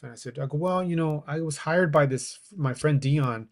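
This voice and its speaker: Man telling a story with animated dialogue. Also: fairly high pitch, brisk, few pauses. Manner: animated, acts out quoted dialogue, laughs while telling. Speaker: guest. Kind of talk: casual storytelling.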